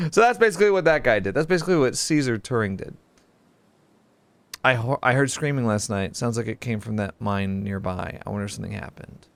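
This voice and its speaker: Animated man rambling over a game. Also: mid-range voice, gravelly, smooth, dry recording. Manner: rambling, animated storytelling with quick exclamations. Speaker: gaming YouTuber. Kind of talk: casual let's-play commentary.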